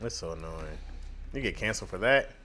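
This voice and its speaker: A man's voice: deep voice, animated, fairly quick, sharp tone, slight background noise. A man co-hosting a podcast in casual chat, joking and teasing. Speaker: podcast co-host.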